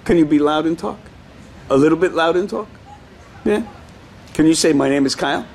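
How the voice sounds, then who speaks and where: A male karate instructor coaching children in class, playful and teasing, bursting into excited shouts, in an indoor studio. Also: fairly high pitch, a little fast, creaky.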